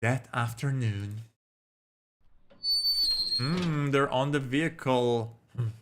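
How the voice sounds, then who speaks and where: A man's voice: medium pitch, takes it slowly, noisy background. A man streaming a visual novel, reading its lines aloud and adding playful, crude asides. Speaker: gameplay streamer.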